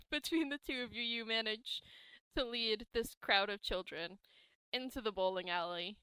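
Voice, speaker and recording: A woman narrating a tabletop game as game master, relaxed and amused. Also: on the high side, measured pace, clean tone, dry recording.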